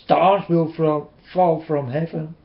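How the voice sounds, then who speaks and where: Urgent high-voiced man preaching to webcam. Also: steady tone, slow pace, gravelly. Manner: urgent, repeating, pleading with listeners. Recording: roomy, dull webcam audio.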